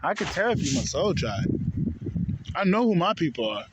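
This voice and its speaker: A man's voice: on the high side, very animated, moderate pace, heavy background noise. A man ranting to his viewers in a heated, profane, repetitive way, calling them bro again and again. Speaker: spiritual vlogger. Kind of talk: casual rant to camera.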